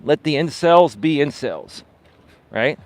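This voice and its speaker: Talking slowly in a slightly high, animated voice, a man delivers an unscripted monologue on his live coaching stream as a life and dating coach. He sounds dismissive and emphatic, repeats words for emphasis, and keeps asking "right?".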